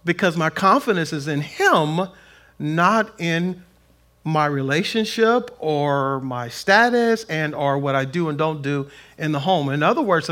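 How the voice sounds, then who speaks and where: A middle-aged pastor preaching a sermon, animated, acting out quotes in a raised voice. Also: male voice, on the high side.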